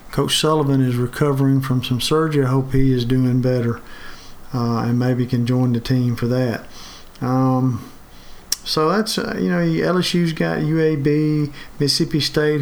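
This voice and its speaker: A man from Alabama, hosting a casual sports talk show in a halting way with many restarts. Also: mid-range voice.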